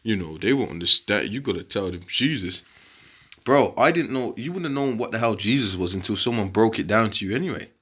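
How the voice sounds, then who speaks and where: A young man talking casually to his viewers, animated and repetitive, calling them bro and man while making his case. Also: lowish voice, a little fast, breathy edge. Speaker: online commentator. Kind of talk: casual rebuttal video talk.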